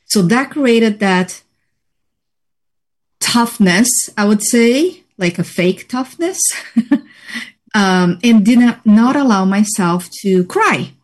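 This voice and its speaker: Female interview guest, unhurried and reflective, measured delivery with many pauses. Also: medium pitch, animated. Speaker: interview guest, healing practitioner. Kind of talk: personal story in conversation.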